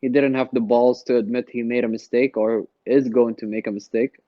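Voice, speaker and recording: A man's voice: mid-range voice, little pitch movement, brisk, no room sound. A man co-hosting a podcast, joking around in a goofy, crude way in casual chat. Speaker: podcast co-host. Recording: dry, dull lo-fi mic.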